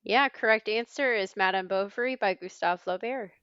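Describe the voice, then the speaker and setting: A woman hosting a trivia podcast, reading clues in a brisk, wry way. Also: medium pitch, fairly bright tone, smooth, no echo, dull audio. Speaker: quiz host.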